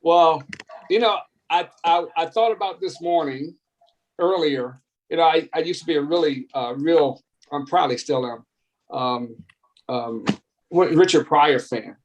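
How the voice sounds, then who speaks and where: A man's voice: on the high side, unhurried, muffled recording. A man in a casual political chat who laughs often and drifts into rambling asides.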